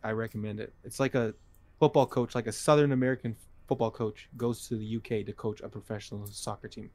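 A man's voice: lowish voice, fairly even intonation, quick pace, darkish tone. A young man co-hosting a podcast, rambling in loose slangy casual chat. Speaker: podcast co-host.

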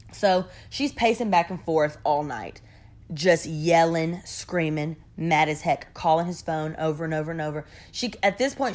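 Animated gossipy young woman storyteller. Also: lowish voice. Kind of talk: casual storytime chat.

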